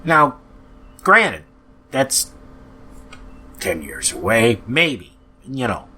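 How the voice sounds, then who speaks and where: A man's voice: medium pitch, huge pitch swings, drawn-out words, bright, forceful tone, husky. A man hosting a podcast, ranting in an angry, profane way with frequent sighs, sounding depressed. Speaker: podcast host. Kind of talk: ranting monologue.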